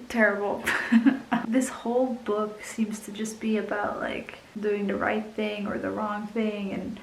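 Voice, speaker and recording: A woman's voice: mid-range voice, vocal fry, darkish tone, echoey room, slight background noise, poor audio. A young woman vlogging casually about a book she just read, emotional and teary, laughing often and dropping into whispers. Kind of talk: casual reading vlog.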